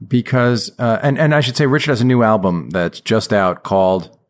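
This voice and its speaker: A man with a mid-pitched voice hosts a casual interview. He asks probing questions, hedging his way through them with many fillers and restarts. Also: normal speed. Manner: hesitant, lots of fillers, admiring and probing. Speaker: interview host. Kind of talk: conversational interview.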